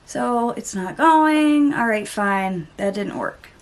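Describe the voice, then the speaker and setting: A woman's voice: fairly high pitch, expressive, slow. A young adult woman vlogger telling a story in casual chitchat while getting ready, with exasperated asides and mild swearing. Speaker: beauty vlogger.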